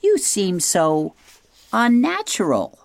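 A storyteller voicing an excitable male owl who screeches and shrills in a children's storybook read-aloud. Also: takes it slowly, gravelly, no echo, heavily acted. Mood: screeching. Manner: screechy, rising to high cries.

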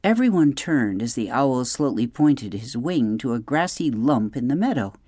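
A narrator reading a children's chapter book aloud in an expressive, lively way. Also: mid-range voice, moderate pace, dry recording, studio quality. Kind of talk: storybook read-aloud.

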